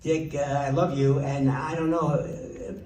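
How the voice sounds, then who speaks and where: Hoarse old man at a roast. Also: medium pitch, flat delivery, a little slow, dark tone. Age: 80s. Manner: rambling, self-mocking, does animal noises. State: sore throat. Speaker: comedian. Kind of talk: stand-up at a roast. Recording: echoey room, far mic, crowd and noise.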